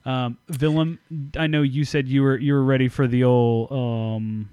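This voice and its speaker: A man's voice: mid-range voice, little pitch movement, normal speed, mellow, smooth, no echo, lo-fi sound. A man hosting a casual podcast, blunt, emphatic and full of swearing. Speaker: podcast host. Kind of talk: casual profane podcast chat.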